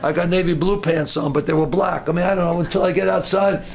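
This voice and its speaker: A middle-aged man preaching a sermon in an animated way, acting out voices and breaking into shouts. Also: high voice, fast talker, vocal fry.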